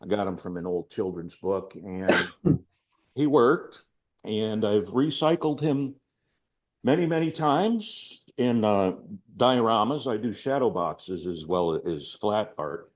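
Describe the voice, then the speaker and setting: A man's voice: lowish voice, animated, slow. Rambling older man giving a gallery talk. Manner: rambling, chatty, self-deprecating asides. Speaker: artist talking about his exhibition. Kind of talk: informal gallery talk to an audience. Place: art gallery.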